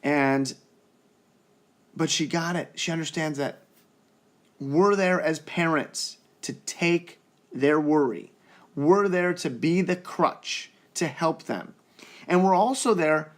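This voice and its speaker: A young man talking earnestly and reassuringly to the camera in a casual parenting vlog. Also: medium pitch. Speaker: parenting vlogger.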